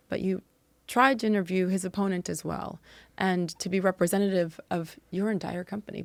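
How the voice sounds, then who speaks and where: A woman's voice: on the low side, creaky, dry recording. A middle-aged woman hosting an interview show, speaking earnestly and reflectively in a casual conversation. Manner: earnest, reflective, quick to agree. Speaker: podcast host.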